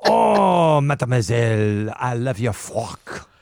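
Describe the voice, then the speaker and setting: A man's voice: medium pitch, very animated, slow pace, a little mellow, slight background noise. A man putting on a mock French accent to play a bumbling male waiter who is half pirate, hammy and fawning.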